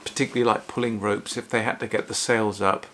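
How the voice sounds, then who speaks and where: A man's voice: on the low side, fairly even intonation, quick pace, fairly bright tone. A male music teacher giving a friendly, casual lesson, explaining as he goes with frequent ums and small restarts.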